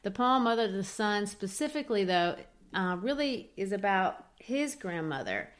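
A woman's voice: medium pitch, big pitch swings, normal speed. A woman co-hosting an educational talk about literature, explaining a poem in an exploratory way with frequent restarts. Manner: explanatory, thinking aloud with restarts. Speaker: teacher co-host.

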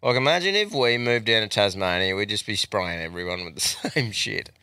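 A man's voice: lowish voice, lively intonation, fairly quick, bright, forceful tone, smooth, dry recording, clean studio sound. An Australian man co-hosting a podcast in casual chat, laid-back, swearing freely and laughing often. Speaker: podcast co-host.

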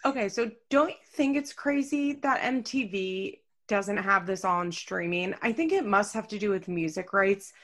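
A woman's voice: medium pitch, normal speed, few pauses, a bit bright. A woman co-hosting a podcast in casual chat, with a mild speech impediment, talking in a loose, chatty way with lots of fillers and some swearing. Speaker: podcast co-host.

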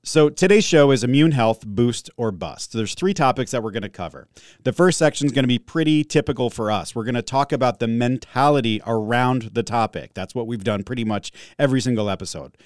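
A man's voice: mid-range voice, fast, no echo, studio quality. A man co-hosting a casual health podcast, upbeat and laughing easily, reading the show's affirmation. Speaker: podcast co-host, holistic health practitioner.

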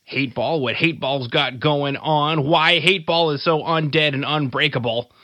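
A man's voice: fairly high pitch, a little slow, pushed and bright, no room sound. A man hosting a podcast interview, upbeat and jokey, laughing often. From Canada. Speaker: podcast host. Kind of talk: casual interview chat.

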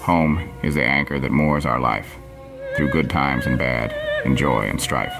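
A gravelly deep celebrity poet. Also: male voice, full character voice. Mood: solemn, sentimental. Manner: slow, solemn, grandiose. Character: deep-voiced celebrity man reciting a sentimental poem. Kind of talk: comic impression reading a poem. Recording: loud music bed under the voice. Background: music.

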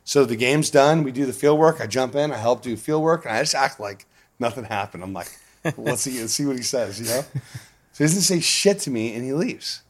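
A man being interviewed, telling stories in a casual, animated way with a lot of swearing and frequent laughter. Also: medium pitch, a little fast. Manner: profane, animated, laughs often. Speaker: guest. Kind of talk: casual storytelling.

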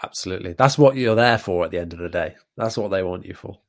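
A man's voice: low voice, fast talker. A man hosting a podcast in casual chat, chatty and self-deprecating, explaining things at length. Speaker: podcast host.

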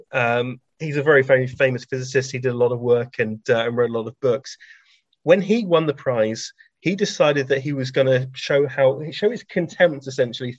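A man spins anecdotes in loose, chatty conversation, full of ums and self-corrections. His voice sits at an ordinary pitch. The recording is dry and a little dull, like lo-fi audio. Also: dry recording. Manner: chatty, with many ums and restarts, laughing at his own stories. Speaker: science author and guest.

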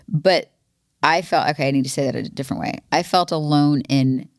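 Woman, low voice, earnest, expressive, podcast co-host, dry recording. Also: a little fast, dry recording. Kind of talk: candid conversation with her husband.

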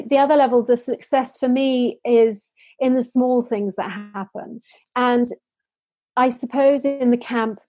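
A woman's voice: a little high, warm tone, no echo. A woman from the United Kingdom, a social enterprise founder, answering interview questions in earnest stories full of restarts and fillers.

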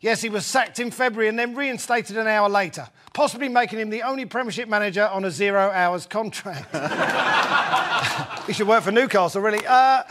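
A man's voice: high voice, normal speed, noisy background. A man hosting a comedy football podcast, wry and punning, handing out points to his guests. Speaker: podcast host.

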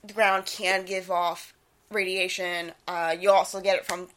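Bright, giggly young woman co-host. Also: lowish voice, unhurried. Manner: giggly, animated, breaks into loud quoted yelling. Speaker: podcast co-host. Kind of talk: casual podcast chat.

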